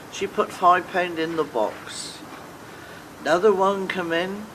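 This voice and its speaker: A woman's voice: on the low side, a little slow, a bit bright, slight background noise, rough recording. An older woman, telling jokes to friends and briefly voicing each character in a homely way. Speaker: joke teller.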